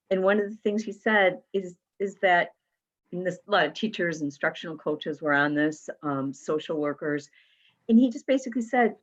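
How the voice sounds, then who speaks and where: A woman's voice: fairly low pitch, muffled recording. A woman hosting an online talk, chatting in a reassuring, conversational way over a video call. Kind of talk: webinar conversation.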